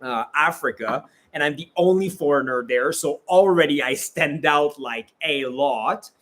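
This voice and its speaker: A man who is a travel vlogger, chatting casually in a bubbly, animated way with many fillers. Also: on the high side, unhurried. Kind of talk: casual chat.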